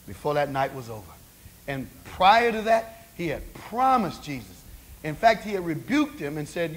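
A man's voice: a little high, big pitch swings, normal speed. A male preacher giving a conversational sermon, asking rhetorical questions of the congregation.

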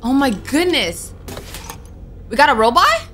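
Slight background noise accompanies a young woman streaming a game over its music, talking to herself and yelping nervously as she jumps. She speaks a little fast in a slightly high, very animated voice with a sharp edge.

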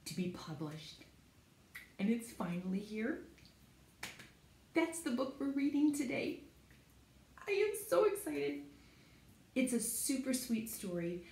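Woman librarian for kids' storytime, sing-song and excited, talks slowly in an echoey room. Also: on the low side. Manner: excited, sing-song talk to children and a puppet. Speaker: children's librarian. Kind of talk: children's storytime reading. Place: public library.

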